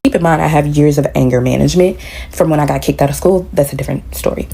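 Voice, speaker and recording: A woman's voice: sits low, fast talker, vocal fry, mellow, husky. A woman telling a story in a casual storytime style, retelling it with animation and acting out the quoted dialogue.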